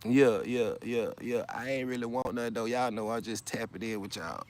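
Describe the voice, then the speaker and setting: A man's voice: medium pitch, normal speed, hardly any pauses, a little hiss or hum. A man, rambling on a casual livestream, swearing and taunting a viewer in the chat.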